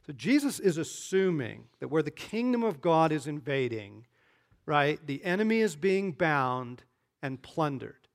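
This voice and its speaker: Unhurried and a touch high-pitched, a male pastor talks his way through a conversational sermon. He often checks in with "right?" or "okay?" and now and then rises into animated bursts.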